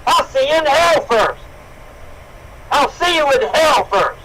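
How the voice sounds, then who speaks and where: A man shouting and cursing in a furious confrontation. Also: very high-pitched, expressive, a little slow, slight background noise, rough recording. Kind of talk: angry livestream confrontation.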